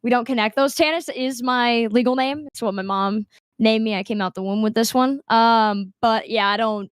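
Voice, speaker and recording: A woman's voice: fairly high pitch, normal speed, smooth, no echo, studio quality. A young woman guest on a video call, chatting casually with laughs and acting out the people in her stories. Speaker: guest streamer. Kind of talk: casual interview chat.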